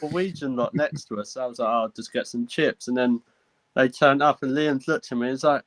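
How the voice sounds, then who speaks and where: A man joins a casual live chat as a guest. His voice sits at a middling pitch in a dry, close-sounding room, and he tells anecdotes with quoted lines. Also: a little fast, dry recording, rough recording. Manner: animated anecdote teller, quotes people. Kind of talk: casual banter.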